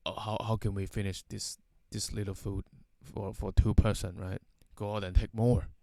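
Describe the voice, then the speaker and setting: A man's voice: on the low side, level tone, moderate pace, vocal fry, darkish tone, no room sound, studio quality. A man voicing his strict, scolding middle-aged father in a story.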